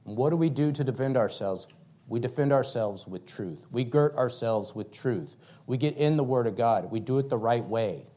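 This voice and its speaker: A pastor preaching a fiery sermon, emphatic and repetitive, swinging between loud declarations and quiet, low passages. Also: male voice, normal speed.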